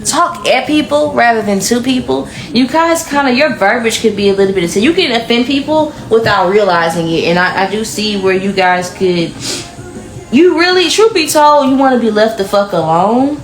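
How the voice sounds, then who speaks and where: A woman's voice: on the high side, expressive, moderate pace. A woman giving a casual pick-a-card tarot reading in a chatty, blunt, slangy way. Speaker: tarot reader. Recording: echoey room with faint music.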